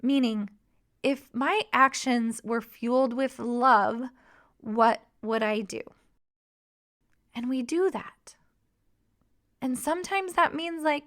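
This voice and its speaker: High-voiced woman podcast coach. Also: slow, pauses often. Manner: warm encouraging coaching tone. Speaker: podcast host and mission coach. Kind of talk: podcast monologue.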